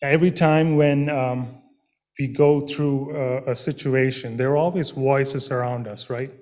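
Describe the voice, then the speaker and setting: A man preaching a sermon in a slow, earnest way, pausing with fillers and restarting his phrases. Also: mid-range voice, steady tone, darkish tone.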